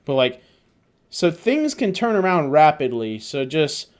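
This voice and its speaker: A man's voice: fairly high pitch, big pitch swings, a little slow. A young man hosting a casual chat, swearing often and laughing through his stories. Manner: profane, laughing storyteller. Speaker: host.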